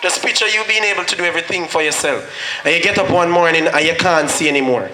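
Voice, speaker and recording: A man with a Jamaican accent gives a motivational speech as a guest speaker at a school graduation, telling his story earnestly and switching into patois when quoting himself. His voice is fairly high, fast, pushed, and bright, recorded in an echoey hall with faint noise.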